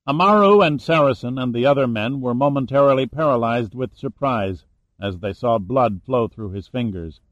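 A man reading a thriller novel aloud in measured, dramatic narration. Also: medium pitch, dry recording, dull audio. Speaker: audiobook narrator. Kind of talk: scripted narration.

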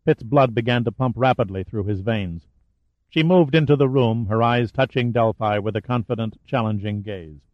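A man reading a thriller aloud as narrator in a steady, dramatic storytelling manner. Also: medium pitch, normal speed, no room sound, muffled recording. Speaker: audiobook narrator. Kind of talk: scripted narration.

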